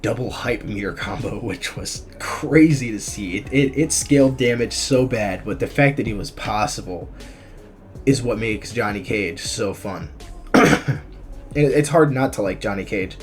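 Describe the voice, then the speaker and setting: Laid-back man with a low voice. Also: unhurried. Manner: relaxed, chatty, with frequent ums and restarts. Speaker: gaming YouTuber. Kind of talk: casual commentary on a fighting game tier list. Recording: faint music behind the voice.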